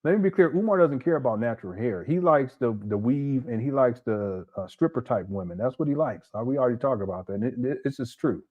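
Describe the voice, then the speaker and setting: A man's voice: medium pitch, animated, fast, hardly any pauses, phone-quality sound. A man hosting a casual commentary video, laughing and making mocking asides. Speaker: commentary host.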